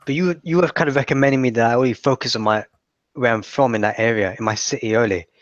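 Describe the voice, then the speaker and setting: A man of middle pitch comes through on a dull, dry call line with muted highs. He talks casually and in a friendly way with his marketing coach. He laughs easily. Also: quick pace, no room sound. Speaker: marketing client. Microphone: call audio.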